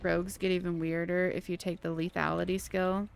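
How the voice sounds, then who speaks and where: A woman's voice: lowish voice, flat delivery, brisk, gravelly, slight background noise. A woman streaming a video game, chatting casually and venting her frustration while reading chat aloud.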